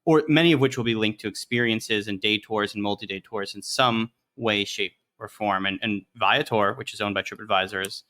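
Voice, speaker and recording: A man co-hosting a podcast, talking quickly and repeating words as he starts sentences. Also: on the low side, bright, forceful tone. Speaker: podcast co-host. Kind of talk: casual podcast chat.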